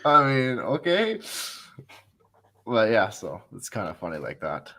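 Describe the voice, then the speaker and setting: A man hosting a casual panel chat, telling lively stories and acting out the people he quotes. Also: fairly low pitch, measured pace. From small town. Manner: animated storytelling, acts out quoted people. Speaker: panel host.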